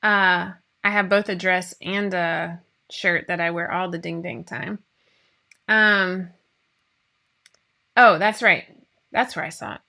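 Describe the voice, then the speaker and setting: A woman's voice: lowish voice, fairly even intonation, slow pace, creaky, long pauses, bright, forceful tone. A woman, hosting a casual live-stream chat in a bubbly, rambling way with many fillers. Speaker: host of a sewing pattern company show.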